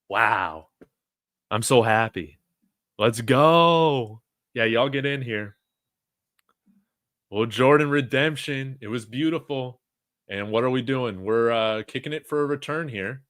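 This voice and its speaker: A man giving live play-by-play reactions as a fan, reading chat comments aloud and shouting on big plays. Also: mid-range voice, no echo, studio quality. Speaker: fan watch-along commentator.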